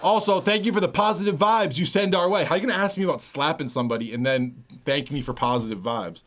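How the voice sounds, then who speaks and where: A man's voice: fairly high pitch, fast, a bit bright. A man who produces music, chatting casually on a livestream, swearing freely as he reads and answers viewers' messages.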